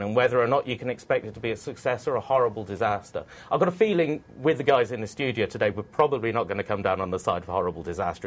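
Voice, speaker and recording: A man hosting a tech webcast in a studio, teasing his guests and rambling with restarts. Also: on the low side. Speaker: webcast host.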